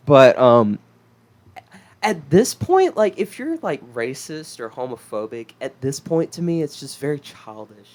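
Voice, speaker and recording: A man's voice: fairly high pitch, very animated, a little slow. A young man from South Carolina co-hosting a podcast, chatting casually, laughing often and swearing now and then. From South Carolina, USA. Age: young adult. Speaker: podcast co-host. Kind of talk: casual chat.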